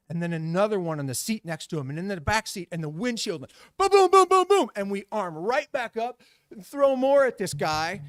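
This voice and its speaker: A man's voice: mid-range voice, no echo. A middle-aged man telling a story to a live audience, acting out the voices and sound effects.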